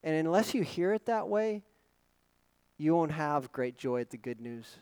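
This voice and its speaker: Middle-aged male pastor, high voice, dry close sound, dynamic sermon delivery. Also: lively intonation, measured pace, smooth, dry recording, poor audio. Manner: dynamic preaching with rhetorical questions, swinging from loud emphasis to quiet asides.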